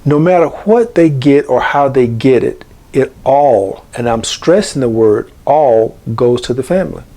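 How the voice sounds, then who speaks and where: A man's voice: medium pitch, lively intonation, normal speed, warm tone. A middle-aged man hosting a channel, giving a preachy monologue that keeps coming back to the same phrases. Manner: preachy, repeats key phrases. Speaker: channel host. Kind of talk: monologue to camera.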